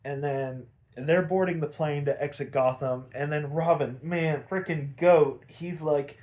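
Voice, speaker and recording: A man hosting a podcast, recapping an episode in a casual, rambling, animated way with a lot of swearing. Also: a little high, unhurried. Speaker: podcast host.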